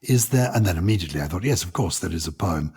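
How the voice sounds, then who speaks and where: A man's voice: sits low, expressive, fast talker, a little mellow, breathy edge. An older English man co-hosting a podcast, chatting and reading a poem aloud with theatrical expression. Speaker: podcast co-host. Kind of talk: casual chat and poetry reading.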